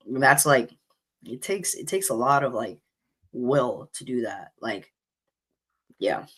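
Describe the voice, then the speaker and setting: A man co-hosting a podcast, chatting casually about football, easygoing and quick to agree. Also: mid-range voice, expressive, bright, forceful tone, breathy edge. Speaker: podcast co-host.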